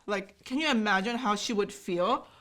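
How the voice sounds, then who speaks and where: A woman's voice: mid-range voice, moderate pace, fairly bright tone. A woman in her thirties, a native Korean speaker, giving an emotional, gushing reaction commentary full of fillers. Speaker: YouTube host.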